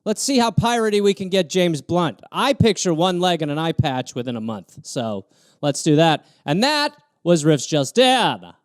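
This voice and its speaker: A man with a fairly high voice riffs alone on viewer prompts, sarcastic and animated. The sound is dry and close, with no room around him. He jumps between rants and quick mock asides. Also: clean tone, no room sound. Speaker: comedian host riffing on viewer prompts. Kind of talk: solo improvised comedy riff on a livestream.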